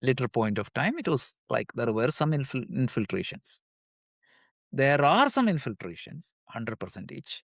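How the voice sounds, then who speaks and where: A man's voice: medium pitch, big pitch swings, normal speed, vocal fry, dry recording, clean studio sound. A man teaching a live study class, who poses questions and answers them himself and recites verses in between.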